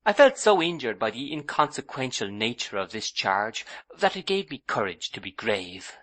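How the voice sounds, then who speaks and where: A man's voice: lowish voice, expressive, normal speed, bright, forceful tone. A man narrating a classic novel as an audiobook in the first person, telling the scene expressively. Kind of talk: scripted narration.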